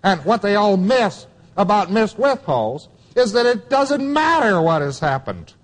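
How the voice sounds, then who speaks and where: A man's voice: high-pitched, sing-song, unhurried, in a large hall. A man giving a taped lecture to students, emphatic and wry, repeating key phrases for weight.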